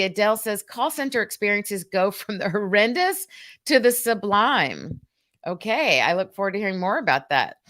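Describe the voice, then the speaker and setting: A woman's voice: medium pitch, a bit bright. An older woman from Georgia hosting a live-stream talk, speaking straight to viewers, acting out phone greetings and reading their comments aloud. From Columbus, Georgia. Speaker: host of a live customer experience show.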